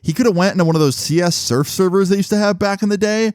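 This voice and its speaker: A young man casually telling a personal story to his viewers, animated and swearing often, with frequent rhetorical asides. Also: high-pitched, fast talker, clean tone, dry recording, clean studio sound. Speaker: storytelling vlogger.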